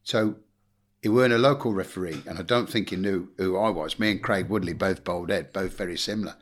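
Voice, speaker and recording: A man's voice: sits low, a little fast. A middle-aged English man, a former football manager, telling blunt anecdotes in a casual interview and acting out quotes. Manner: blunt anecdotal storyteller, swears, acts out quotes.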